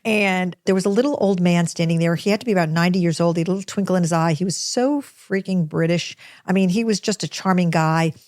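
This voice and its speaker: American woman, middle-aged, lowish voice, dry close sound, lively self-deprecating storyteller. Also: fast talker, hardly any pauses, no room sound. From United States. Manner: chatty, animated, self-deprecating. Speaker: host telling a personal story. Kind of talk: personal storytelling.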